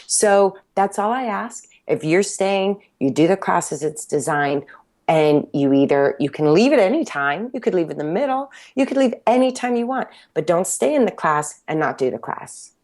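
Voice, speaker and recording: A woman's voice: lowish voice, lively intonation, moderate pace, darkish tone. A woman who created a workout method, talking passionately and emphatically in an interview, sometimes acting out her own self-talk. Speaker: fitness instructor and workout creator. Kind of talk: interview conversation.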